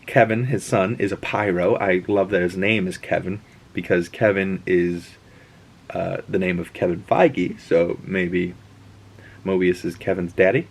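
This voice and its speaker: Husky low-voiced man, chatty. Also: steady tone, unhurried. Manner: rambling, chatty, frequent restarts and asides. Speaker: host. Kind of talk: casual reaction and episode breakdown.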